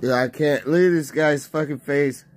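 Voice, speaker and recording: A man streaming gameplay, crude and rowdy, chattering to himself and bursting into shouts. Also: on the high side, normal speed. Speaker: livestreamer. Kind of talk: profane livestream gameplay chatter.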